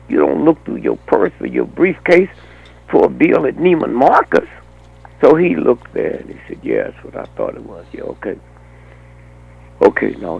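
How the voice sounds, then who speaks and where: An older man telling a long anecdotal story in an animated way, often breaking off with a rhetorical "huh?". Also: lowish voice, vocal fry, husky, muffled recording. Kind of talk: anecdotal monologue.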